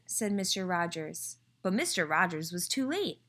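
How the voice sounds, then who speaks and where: A woman teacher reading a picture book aloud to children, clear and expressive, pausing to ask them questions. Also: lowish voice.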